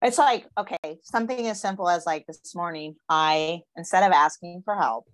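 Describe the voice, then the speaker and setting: A woman's voice: lowish voice, normal speed, dry recording. A woman co-hosting a podcast in casual chat, speaking frankly and emphatically with casual slang. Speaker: podcast co-host.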